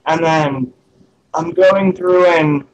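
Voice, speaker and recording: A man's voice: on the high side, steady tone, slow pace, highs cut off. A man chatting casually on a group stream, rambling and hedging with lots of ums.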